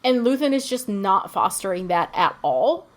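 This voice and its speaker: A woman's voice: medium pitch, sing-song, moderate pace. A woman co-hosting a podcast in casual chat, recapping a TV episode with loose, profane talk, lots of fillers, and acted-out character lines. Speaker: podcast co-host.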